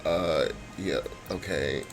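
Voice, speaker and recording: A man's voice: rumbling low, takes it slowly, over music. A man giving casual commentary while playing a life-sim game, chatting and reading the characters' dialogue aloud. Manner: chatty, reads sims' dialogue aloud, squeals now and then. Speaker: let's player.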